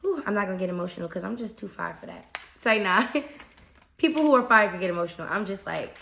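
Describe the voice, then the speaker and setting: A young American woman, a fifth grade teacher, giving casual animated advice on her podcast with frequent "okay?" check-ins. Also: medium pitch, fast, gravelly. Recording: echoey room.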